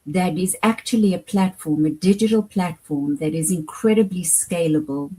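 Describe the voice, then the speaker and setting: Husky South African woman, measured and articulate. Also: fairly low pitch, mellow, poor audio. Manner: measured, articulate, deliberate phrasing. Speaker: guest, education program founder. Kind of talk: interview answers.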